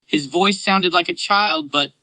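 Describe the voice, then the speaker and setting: A man narrating a fan story in a quick, lively read-aloud manner. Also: high-pitched, no room sound, rough recording.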